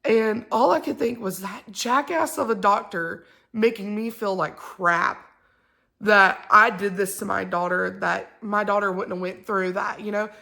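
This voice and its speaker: A woman's voice: medium pitch, unhurried, vocal fry, bright, forceful tone. A mother, telling a story to the camera in a rambling, heated way full of fillers. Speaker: mother and vlogger.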